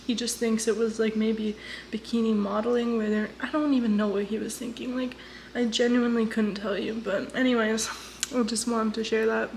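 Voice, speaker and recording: A woman's voice: on the high side, level tone, normal speed, gravelly, a little mellow, a little hiss or hum. A young woman talking to her phone camera in a casual vlog, candid and swearing freely as she moves from home to the gym. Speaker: vlogger.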